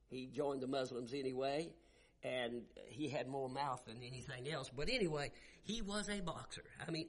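A middle-aged preacher with a husky voice that sits high. He talks folksy and emphatic, and swings from plain talk up to loud shouts. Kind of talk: sermon.

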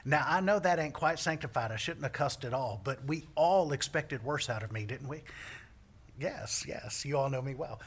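A man with a husky, slightly breathy voice and a drawl preaches from the pulpit. He moves between teaching and self-deprecating jokes aimed at his congregation, speaking at an ordinary middle pitch. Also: animated, normal speed. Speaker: priest. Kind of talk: sermon.

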